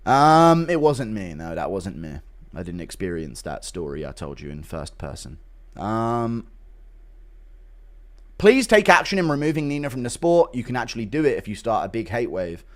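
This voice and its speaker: A man's voice: on the low side, big pitch swings, moderate pace. A young man streaming and reading out chat messages, joking crudely with lots of fillers and laughter. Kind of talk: casual livestream chat.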